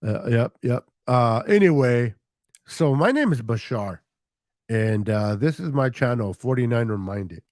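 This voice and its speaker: A man's voice: medium pitch, expressive, measured pace, darkish tone, dry recording, studio quality. A man co-hosting a casual chat over a video call, joking and laid-back. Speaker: co-host.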